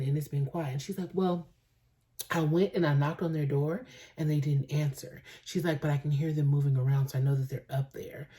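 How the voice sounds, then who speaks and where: Casting: young woman, low warm voice, AAVE, chatty storytime vlogger. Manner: animated gossipy storytelling, acts out quotes. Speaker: beauty vlogger. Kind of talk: casual storytime chat. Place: home, indoors.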